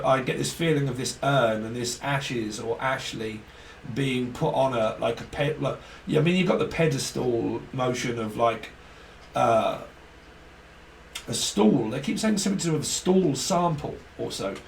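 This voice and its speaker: A man with a medium-pitched voice and some vocal fry gives a casual tarot reading at a moderate pace, rambling and free-associating with jokes. He's recorded off-mic from a distance in an echoey room with faint hiss.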